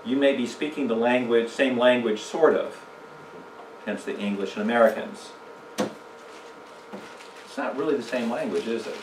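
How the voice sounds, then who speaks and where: A man of ordinary pitch teaches a church communication seminar, chatting with the audience and throwing them questions. His voice carries through an echoey room, picked up from a distance, with a faint hiss under it. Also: normal speed, long pauses. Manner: conversational, asks the audience questions, tells jokes. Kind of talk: casual church seminar talk.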